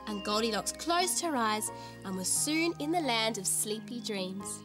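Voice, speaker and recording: A woman storyteller hosting a children's television show, giggly and sing-song. Her high voice swoops up and down with delight. Music plays clearly behind her. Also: lively intonation, unhurried. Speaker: storyteller host.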